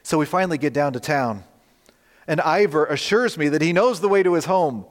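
A man with a slightly high voice delivers a sermon as a personal story, talking easily and lifting into livelier tones when he quotes himself. His voice rings with the long reverb of a large hall. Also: a little fast. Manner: storytelling, conversational, animated in quoted dialogue. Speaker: pastor. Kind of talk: sermon with slides.

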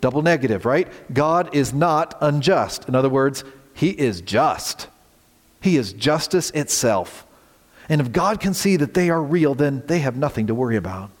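A man preaching a sermon as pastor, earnest, swinging from loud emphasis to hushed near-whispers. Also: mid-range voice, big pitch swings, normal speed, long reverb tail.

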